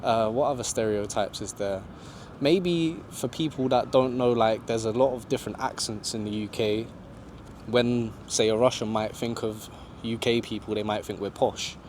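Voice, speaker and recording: A man answering interview questions outdoors in a relaxed, conversational way. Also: fairly low pitch, moderate pace, a little hiss or hum. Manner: laid-back, conversational, lots of "you know". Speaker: travel vlogger being interviewed. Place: outdoors in a city park.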